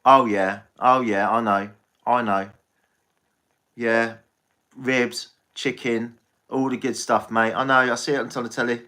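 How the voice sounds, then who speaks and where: Chatty English man with a bright voice. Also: mid-range voice, fairly even intonation, measured pace, pauses often. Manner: rambling, chatty, swears freely. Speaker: tarot reader and livestreamer. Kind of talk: casual live-stream chat with viewers.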